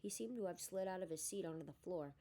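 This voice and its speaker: A woman reading a novel aloud in a steady storytelling manner. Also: fairly low pitch, fast talker. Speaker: audiobook reader. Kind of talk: storybook narration.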